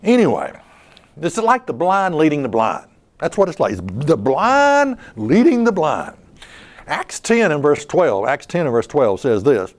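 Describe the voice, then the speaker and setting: A man's voice: on the high side, huge pitch swings, a little slow. A man preaching a sermon, asking rhetorical questions and often repeating his words as he builds a point.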